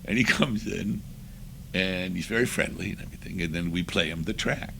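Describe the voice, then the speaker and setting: An older man, a podcast guest, telling anecdotes in a lively way and acting out the voices of the people he quotes. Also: deep voice, fairly quick, gravelly, noisy background. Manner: lively, acts out quoted voices, breaks into laughs. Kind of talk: anecdotal storytelling.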